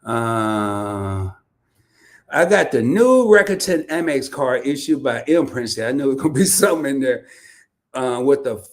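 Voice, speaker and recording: A man's voice: medium pitch, a little slow. A man from Arkansas, hosting a casual livestream and telling stories with laughs and lots of restarts. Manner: animated storytelling with laughs and repeated restarts. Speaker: host.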